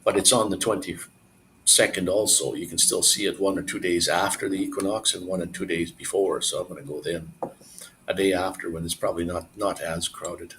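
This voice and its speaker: A man's voice: low voice, normal speed, slight background noise, rough recording. A man live streaming, chatting casually and rambling to his viewers. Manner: rambling, relaxed, talks to viewers.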